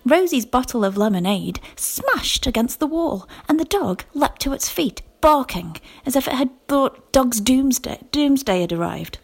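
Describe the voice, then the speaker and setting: Husky woman reading a storybook aloud. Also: high-pitched, measured pace, hardly any pauses. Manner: lively expressive reading with whispered character lines. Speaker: English teacher reading a story.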